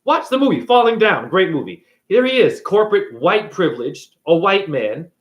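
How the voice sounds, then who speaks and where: Animated, profane man ranting casually. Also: high voice, normal speed, lo-fi sound. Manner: profane, animated, acts out characters. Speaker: spiritual video creator. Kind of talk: casual rant retelling a movie.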